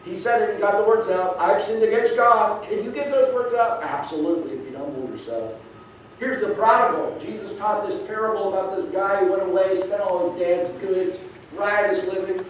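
A man preaching a sermon as a pastor, swinging between loud urging and quiet, soft asides. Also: sits high, a little fast, slight background noise. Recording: distant mic in an echoing hall.

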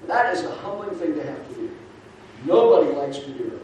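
Male pastor, fairly high voice, preaching with loud urging and soft asides, far from the mic in a very echoey hall. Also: expressive, a little fast, a little hiss or hum. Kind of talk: sermon. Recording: distant mic in an echoing hall.

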